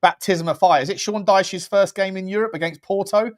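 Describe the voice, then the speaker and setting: A man, co-hosting a casual football podcast, talking fast and animatedly with lots of fillers. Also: high-pitched. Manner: quick, animated, loose filler-heavy talk. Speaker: co-host.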